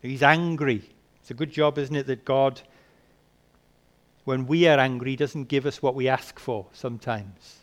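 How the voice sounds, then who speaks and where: A man preaching a sermon, asking rhetorical questions and swinging between soft and emphatic delivery. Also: medium pitch, unhurried.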